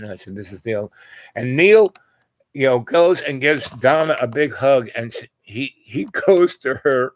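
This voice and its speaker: An older man spins a rambling personal story, stopping and restarting and dropping "you know" all the time. His voice sits at an ordinary middle pitch. The sound is close and dry, with no room around it. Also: expressive, unhurried, no room sound. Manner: meandering, full of "you know" and restarts, acts out quoted voices.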